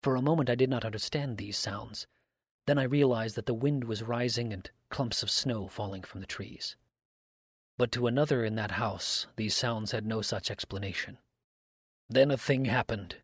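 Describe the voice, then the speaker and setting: A man giving a measured, grave dramatic reading of an old mystery story. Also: mid-range voice, husky, no echo, clean studio sound. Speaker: story reader.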